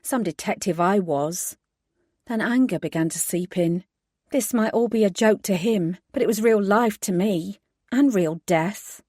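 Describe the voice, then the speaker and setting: A woman's voice: mid-range voice, a little mellow, no echo, studio quality. A woman reading a first-person audiobook, narrating steadily and giving the heroine's lines emphatic force. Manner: measured narration with emphatic dialogue.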